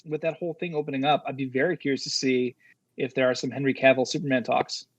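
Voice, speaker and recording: A man's voice: mid-range voice, fast, dry recording. A man talking casually as a podcast guest, getting fired up and swearing as he talks. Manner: fired-up, swears when excited.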